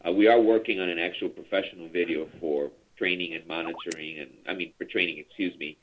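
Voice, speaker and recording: A man's voice: low voice, steady tone, quick pace, a little hiss or hum. A man leading a call center training over a conference call, chatty and rambling with many fillers. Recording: tinny phone line.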